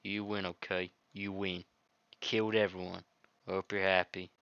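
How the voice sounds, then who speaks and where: A man's voice: low-pitched, flat delivery, moderate pace, creaky, clear, resonant tone, no room sound, dull audio, voice pushed down. Monika, a man voicing a betrayed young woman. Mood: bitter. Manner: quiet, hurt, accusing. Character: heartbroken young woman club president, betrayed and bitter.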